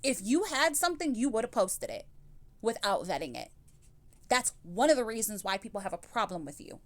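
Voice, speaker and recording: A woman's voice: a little high, sing-song, brisk. A woman hosting a reaction commentary channel, blunt and scolding, swearing freely as she answers clips.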